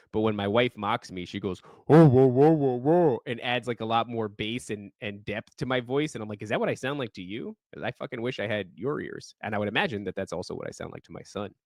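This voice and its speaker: A man co-hosting a podcast, reading listener stories in casual chat, animated and profane, often laughing while he reads. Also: lowish voice, dry recording, studio quality.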